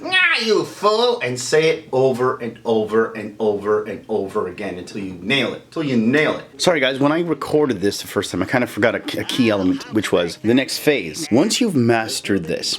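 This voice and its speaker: A man's voice: medium pitch, echoey room. A man teaching voice impressions in a casual, chatty video tutorial, laughing often as he talks.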